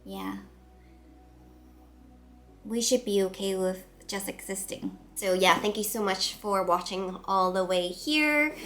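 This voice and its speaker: A woman in her thirties talks to her viewers in a relaxed, reflective vlog. Her delivery is soft and open, full of small fillers and trailing pauses. Faint music sits quietly under her voice. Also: mid-range voice. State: nasal from a cold. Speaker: vlogger. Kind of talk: reflective casual vlog talk.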